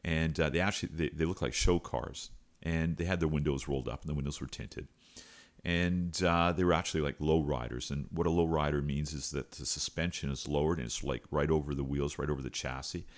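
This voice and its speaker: Really deep-voiced middle-aged guy telling a coaching story, chatty, lots of uhs. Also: fairly even intonation, fairly quick. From Canada. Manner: conversational, frequent uh fillers and restarts. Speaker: podcast host and coach. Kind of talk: storytelling monologue.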